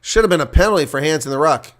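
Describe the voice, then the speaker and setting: A man giving live reaction play-by-play commentary on a rugby match, getting loud on big plays and dropping to quiet asides. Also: on the high side, lively intonation, very fast.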